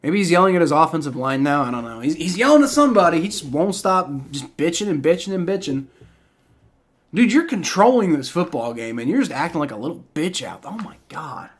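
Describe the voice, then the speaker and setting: A man's voice: a little high, big pitch swings, a little fast. Exasperated ranting male streamer. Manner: exasperated ranting, heavy profanity; frequent stammering restarts. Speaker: live streamer. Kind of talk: live game reaction commentary.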